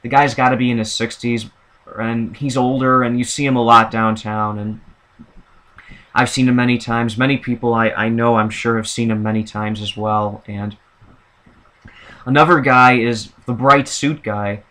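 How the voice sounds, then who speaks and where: A man chats through a casual, opinionated vlog monologue, rambling and circling back with frequent fillers. His voice sits at an average male pitch and carries a bright, forward tone. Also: steady tone, normal speed. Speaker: vlogger.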